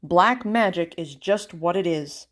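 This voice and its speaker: A woman reading a storybook aloud, voicing a commanding but easily flustered king who barks orders and frets loudly. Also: sits high, a little slow. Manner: bossy then flustered, loud exclamations. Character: fretful, commanding king, middle-aged man.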